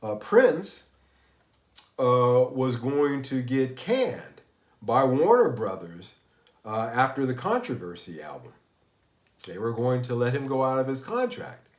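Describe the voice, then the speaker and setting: A man's voice: mid-range voice, very animated, slow pace. Man, live-stream host, rambling, tired and a bit sick, roomy echo. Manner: rambling, with many restarts and greetings to viewers. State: unwell and tired. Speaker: livestream host. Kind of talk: casual live-stream chat about music.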